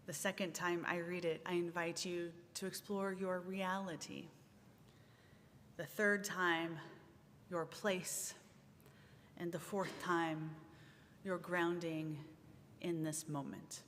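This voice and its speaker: Slow, measured woman minister in a sanctuary. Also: little pitch movement, fairly bright tone. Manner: slow, measured, meditative delivery with long pauses. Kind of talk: sermon and guided centering. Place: large church sanctuary. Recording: reverberant sanctuary, faint rumble.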